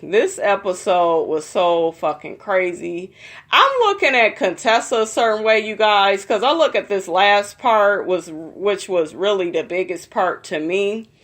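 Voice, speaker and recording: A woman's voice: mid-range voice, lively intonation, a little slow, a bit bright. Gossipy, foul-mouthed woman recapping reality TV. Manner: profane, gossipy, addresses viewers as y'all. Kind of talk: casual episode recap.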